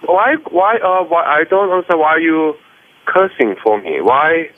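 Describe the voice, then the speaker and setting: A man's voice: a little high, animated, a little slow, no room sound. A man with a Korean accent and native Korean speaks in broken English, getting defensive and agitated on a phone call as a restaurant worker. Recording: tinny phone line.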